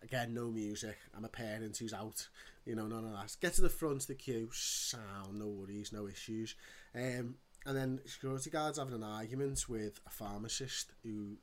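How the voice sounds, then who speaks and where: A man telling a story in casual chat, animated and ranting, swearing often. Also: mid-range voice.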